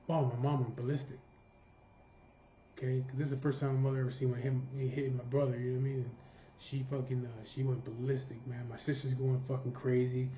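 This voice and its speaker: A warm, mid-range male voice relates a personal story, casual, blunt, and profane, imitating everyone he quotes. The recording has a dull quality and some slight noise.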